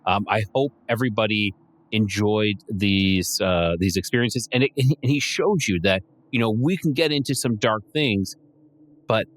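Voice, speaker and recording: Guy hosting the interview, a bit low voice, keeps tripping over his words. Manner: halting, stumbles and restarts, grateful. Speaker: podcast host. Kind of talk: interview conversation.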